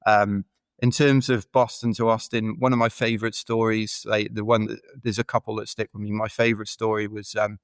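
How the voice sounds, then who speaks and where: Smooth, low-voiced man telling stories. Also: flat delivery, fairly quick, dry recording. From United Kingdom. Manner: rambling anecdotal storyteller, chatty with fillers. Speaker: podcast guest, ultra runner. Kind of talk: casual storytelling interview.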